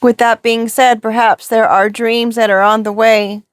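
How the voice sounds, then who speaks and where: A woman's voice: on the high side, flat delivery, unhurried, no room sound, studio quality. A woman giving a reflective spiritual reading to camera, posing rhetorical questions. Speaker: tarot reader.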